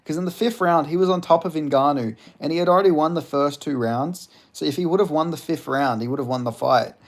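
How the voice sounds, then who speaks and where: Answering questions from his chat, which he reads aloud, a live streamer rambles on and swears a lot. His voice has a fairly high pitch and moves a little fast.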